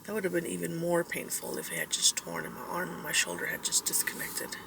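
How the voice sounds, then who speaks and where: Middle-aged woman vlogger, rambling and candid, gravelly voice, a bit off-mic, for a casual car-ride vlog. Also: fairly low pitch, flat delivery, brisk, recorded from a distance. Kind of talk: casual personal storytelling. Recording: road noise, mic held away.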